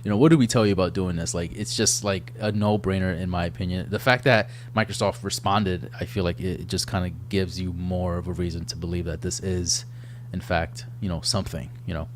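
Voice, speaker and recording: A man in his thirties with a very low voice co-hosts a gaming podcast. He talks in a relaxed, rambling way, full of fillers. A faint hum sits under the recording. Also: moderate pace. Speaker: podcast co-host. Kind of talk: casual chat.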